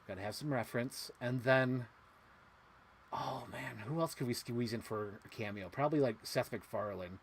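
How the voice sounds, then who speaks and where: A woman's voice: very deep voice, normal speed, a little hiss or hum. A woman co-hosting a casual movie podcast, talking animatedly and acting out scenes in quoted voices. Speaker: podcast co-host. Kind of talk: casual chat.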